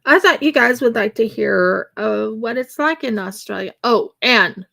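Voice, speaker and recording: Slow, gravelly-voiced woman chatting. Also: on the high side, lively intonation, sharp tone. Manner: chatty and rambling, with laughs and fillers. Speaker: craft live streamer. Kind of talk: casual chat while crafting on a live stream.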